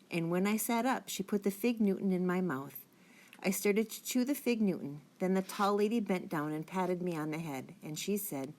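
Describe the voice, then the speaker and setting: A woman reads a children's chapter book aloud with a clear, steady storytelling manner. Her voice sits on the low side for a woman. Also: normal speed. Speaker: audiobook reader.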